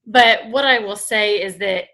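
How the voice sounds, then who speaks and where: Chatty mom type telling stories to her viewers, bright voice, keeps saying you guys. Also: mid-range voice, unhurried. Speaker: host recapping a sales convention. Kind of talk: casual chat to viewers.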